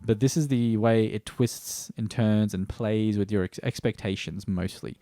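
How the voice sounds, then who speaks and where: This Australian man's fairly low, warm voice moves a little slowly as he reviews a TV series in a rambling, stream-of-consciousness way. He swears casually and keeps restarting sentences, with no room sound.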